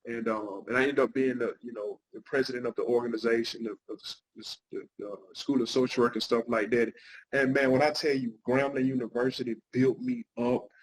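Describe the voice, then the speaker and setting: A man's voice: mid-range voice, fairly even intonation, fairly quick, rough recording. A middle-aged man, a guest pastor and counselor, telling his life story in an interview with an earnest, heartfelt manner.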